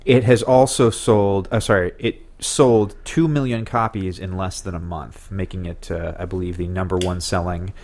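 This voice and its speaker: A man's voice: low-pitched, steady tone, normal speed, few pauses, darkish tone, slight background noise. A man co-hosts a casual podcast in an upbeat way. He asks the guest questions and shares facts about games. His voice sits in a middle range. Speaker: co-host.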